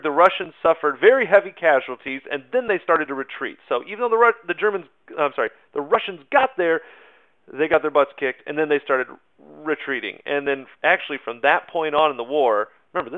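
A man's voice: on the high side, lively intonation, fairly quick. A man giving a casual history lecture as a teacher, talking in an informal, chatty way with many fillers and asides. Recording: narrow phone-like sound.

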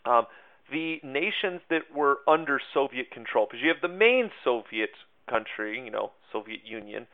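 A man's voice: medium pitch, lively intonation, moderate pace. A man giving a casual history lesson, chatty and self-mocking, with lots of fillers and asides. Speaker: teacher. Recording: tinny phone-like sound.

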